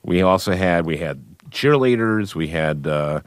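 A man, a guest comedian, telling anecdotes in a radio interview, with halting restarts and chuckles. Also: low-pitched, lively intonation, clear, resonant tone, no room sound, studio quality.

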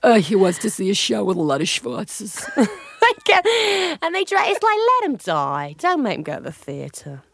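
A woman's voice: mid-range voice, wildly swooping pitch, vocal fry, a bit bright, exaggerated voice. Woman doing a brash New York Long Island housewife. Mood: pushy. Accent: New York American. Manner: pushy, gossipy, drawn-out kvetching. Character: brash nosy middle-aged female Long Island housewife.

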